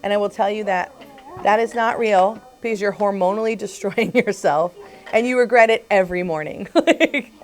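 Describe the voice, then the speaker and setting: A woman's voice: mid-range voice, normal speed. A woman chiropractor leading a casual group talk, chatty, laughing often and acting out what her patients say.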